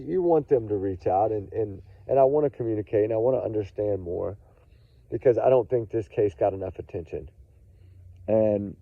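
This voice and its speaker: A man's voice: fairly low pitch, dry recording. A man giving emphatic, casual true crime commentary to his viewers, repeating his points. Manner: emphatic, repetitive, addresses viewers as y'all. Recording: tinny phone-like audio.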